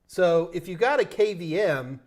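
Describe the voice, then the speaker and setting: Man, New York accent, fairly high voice, loose joking live Q&A host. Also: expressive, moderate pace, darkish tone. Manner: loose, joking, thinks aloud with restarts. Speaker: host answering tech questions. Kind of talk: live Q&A stream.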